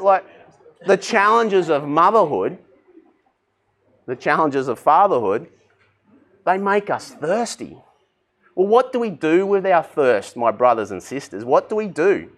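A man preaching a sermon, energetic and conversational, asking the congregation direct questions. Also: a little high. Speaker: pastor.

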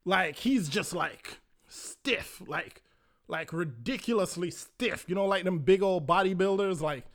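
A young Jamaican man telling a wild story in a casual, profane, animated way. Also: high-pitched, unhurried. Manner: animated, profane, acts out his own panicked lines.

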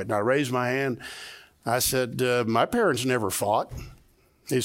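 In a church sanctuary, a middle-aged pastor preaches conversationally to his congregation, repeating key phrases and having them echo those lines back. His voice is mid-range and slightly quick.

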